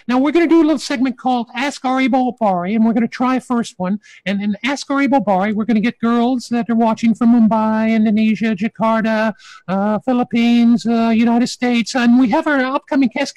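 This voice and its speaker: High-voiced rambling comic man host. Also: moderate pace, a little mellow, dry recording, low-quality recording. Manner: chatty, self-mocking, stumbling. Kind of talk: rambling comic talk-show hosting.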